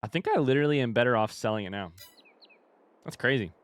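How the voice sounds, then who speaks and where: A man's voice: medium pitch, animated, quick pace, no echo. A young man with an Indiana accent, casually thinking aloud and chatting with viewers while streaming a game. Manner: thinks aloud, reads chat, chatty and easygoing. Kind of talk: casual live-stream chat while gaming.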